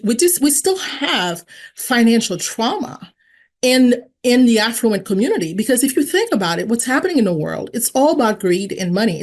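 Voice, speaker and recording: Frank, animated woman telling her story. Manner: animated, jumps in pitch when acting out quotes; frank and conversational, with many fillers. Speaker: guest sharing her recovery story. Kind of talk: candid personal storytelling.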